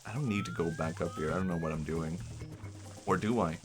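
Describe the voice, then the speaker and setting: A man with a low voice chats casually while he plays, rambling and joking as he thinks out loud. Game music plays clearly underneath his talk. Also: fairly quick. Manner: rambling, jokey, thinks aloud. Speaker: streamer. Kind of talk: casual gameplay commentary.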